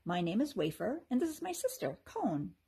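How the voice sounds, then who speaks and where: A woman voicing a friendly female elf who makes ice cream, husky-voiced, in a storybook reading. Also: medium pitch, sing-song, normal speed, mellow, exaggerated voice.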